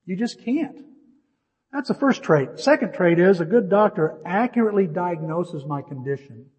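A middle-aged man preaching a sermon, telling a personal story in an animated way with jokey asides. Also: sits high, normal speed, long reverb tail, muffled recording. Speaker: pastor.

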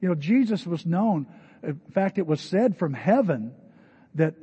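Older male pastor, dark warm tone. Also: a little high, animated, a little slow, slightly rough. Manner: conversational storytelling preaching. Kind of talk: sermon. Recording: dull lo-fi recording with long hall reverb.

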